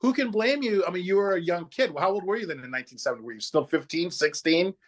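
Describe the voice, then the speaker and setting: A man co-hosting an interview in casual chat, halting and repeating words as he searches for how to phrase things. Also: sits high, lively intonation. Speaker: co-host.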